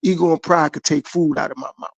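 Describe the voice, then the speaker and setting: A man's voice: on the high side, quick pace, gravelly, no room sound. A middle-aged man from the United States, talking earnestly and repetitively about his own life in a motivational podcast monologue. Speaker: podcast host.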